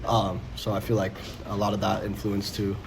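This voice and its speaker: A man's voice: fairly low pitch, completely flat delivery, moderate pace, creaky, over a noisy crowd. A young man in a band, talking casually in a laid-back way. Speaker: band member. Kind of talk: casual interview chat.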